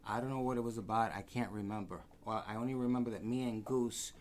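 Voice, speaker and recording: A man, telling lively stories as a guest and acting out the voices of the people in them. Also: on the low side, fast talker, slight background noise. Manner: animated, acts out quoted voices. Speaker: guest storyteller. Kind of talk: casual anecdotes.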